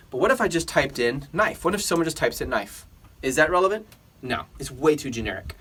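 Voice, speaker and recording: A man teaching an online business tutorial in an energetic, emphatic way, often putting questions to his viewers. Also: on the high side, husky. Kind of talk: screen-recorded tutorial.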